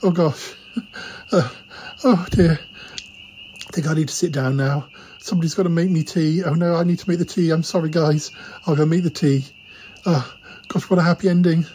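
A man hosts a comedy podcast, stammering and flustered. His tone is mellow and dark. Faint night noise sits behind him. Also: fairly high pitch, steady tone, normal speed, poor audio. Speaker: podcast host. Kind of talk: comedic improvised chat.

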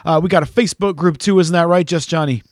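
A man's voice: on the high side, fast, no room sound, studio quality. A man hosting a podcast in casual chat, rambling, joking and swearing freely. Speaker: podcast host.

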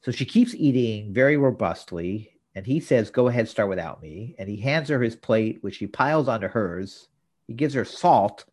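Low-voiced man recapping an episode. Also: animated, moderate pace, darkish tone. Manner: detailed plot retelling with dry asides. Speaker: podcast co-host.

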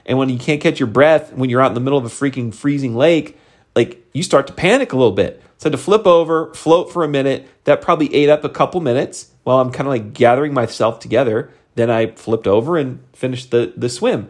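A middle-aged man giving a motivational talk to his sales team, conversational and animated, leaping up in pitch for emphasis. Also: fast talker. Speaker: sales team leader and coach.

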